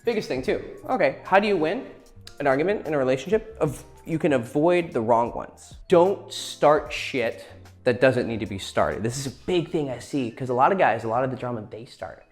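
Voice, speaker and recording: A man's voice: medium pitch, animated, moderate pace, faint music behind. A man giving blunt, profane dating advice in a casual lecture, acting out quoted lines as he goes.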